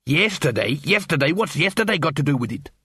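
A man doing a sharp, reasoning dwarf. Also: on the high side, sing-song, slightly rough, dry recording, clean studio sound, pitched above the performer's own voice, heavily acted. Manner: quick-thinking, explaining, reasoning aloud. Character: sharp, curious young male dwarf. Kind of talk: audiobook character voice.

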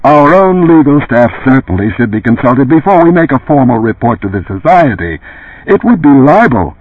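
A detached official voice, put on by a man, droning on as if nobody were listening. It sounds husky and comes through a tinny, phone-like line. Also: medium pitch, sing-song, moderate pace, no room sound. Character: cold official male voice on phone.

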